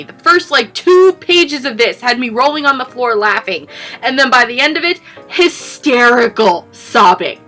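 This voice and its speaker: Young woman vlogger, high bright voice, gushing book-review energy over light background music. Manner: gushing, effusive, repetitive superlatives. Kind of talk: enthusiastic book review vlog.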